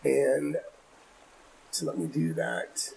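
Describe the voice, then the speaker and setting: Gravelly husky man running a tabletop game. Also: medium pitch, big pitch swings, slow, a little mellow. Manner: patient, explains rules step by step. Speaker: game master.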